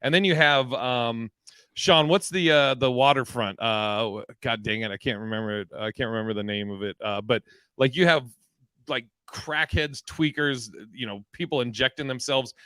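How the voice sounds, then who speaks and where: Male co-host, bright forward tone, loose and joking, reads comments aloud, dry close mic. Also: medium pitch, normal speed, smooth, dry recording. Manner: loose, laughs often, swears casually. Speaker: podcast co-host reading listener comments. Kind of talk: casual chat.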